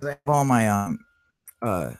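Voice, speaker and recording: A man's voice: lowish voice, big pitch swings, a little slow, dry recording. A man hosting a live stream in loose, heavily profane casual chat, talking through what he is doing on his computer.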